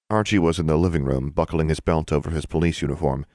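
A male audiobook narrator with a very low voice, reading calmly and evenly. The recording is dry, with no room sound. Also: quick pace, no room sound. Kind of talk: scripted narration.

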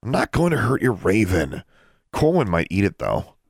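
A man's voice: fairly low pitch, huge pitch swings, normal speed, creaky, dry recording, clean studio sound, pitched above the performer's own voice, heavily acted. A man voicing a smug, taunting older schoolboy wizard.

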